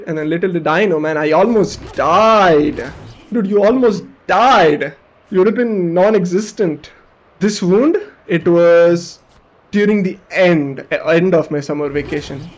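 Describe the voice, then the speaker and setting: A man's voice: high-pitched, dull audio. A young man streamer casually telling a story while gaming, swearing now and then and acting out what people said. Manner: animated, casual, swears, acts out quoted people.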